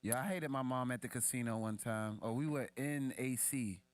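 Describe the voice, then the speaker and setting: A man's voice: moderate pace, no room sound. Profane, slangy young man spinning a story. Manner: animated, acts out quoted voices in a much higher pitch; profane, slangy street talk. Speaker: podcast co-host. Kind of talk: casual storytelling.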